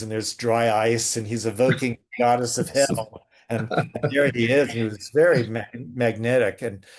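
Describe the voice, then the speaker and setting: A male guest in a relaxed interview, a playwright and actor sharing lively stories from the theater, speaking at a medium pitch.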